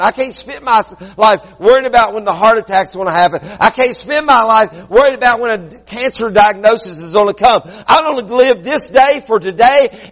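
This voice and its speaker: A man preaching a sermon as pastor, swinging between loud quick bursts and low slow passages. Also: big-room sound.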